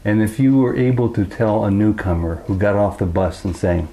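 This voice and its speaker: A male interviewer asking gentle questions, with brief encouraging murmurs in between. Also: fairly low pitch, fairly even intonation, moderate pace, vocal fry.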